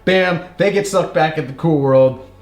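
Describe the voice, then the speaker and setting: A man's voice: a little high, moderate pace, a little mellow, soft background music. A man co-hosting a casual comedy podcast, retelling a movie plot in a rambling, profane way, full of filler words and silly put-on voices. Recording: echoey room.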